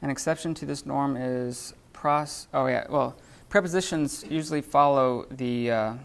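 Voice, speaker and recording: A man leads a live classroom lesson, explaining grammar in a halting way, full of fillers and restarts. His voice has a gravelly edge. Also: mid-range voice. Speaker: Greek teacher.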